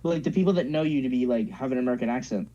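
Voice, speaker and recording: Teasing teen guy with a husky voice. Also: mid-range voice, rapid-fire, warm tone. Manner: teasing, rambling with many "like" fillers. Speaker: podcast co-host. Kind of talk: casual chat. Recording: dull lo-fi sound.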